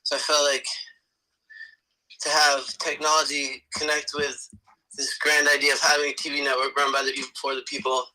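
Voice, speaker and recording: Man, voice actor guest, enthusiastic, rambling, very bright tense voice. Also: a little high, little pitch movement, normal speed, poor audio. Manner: enthusiastic, rambling, laughs often. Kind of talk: casual chat.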